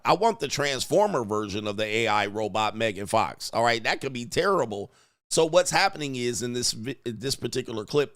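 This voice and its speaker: A male stream host reacting to a movie clip in casual commentary, animated and full of exclamations. He breaks into laughs often, and his voice sits mid-range. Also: medium pitch.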